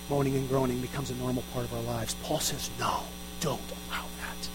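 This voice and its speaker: A male pastor preaching a sermon, earnest and emphatic, with self-deprecating asides. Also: mid-range voice. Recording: faint mains hum.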